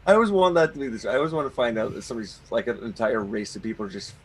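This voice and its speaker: A man's voice: medium pitch, racing, breathy edge. A man joining a casual livestream chat, joking a lot and slipping into mocking voices. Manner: jokey, breaks into laughter and mock voices. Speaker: guest.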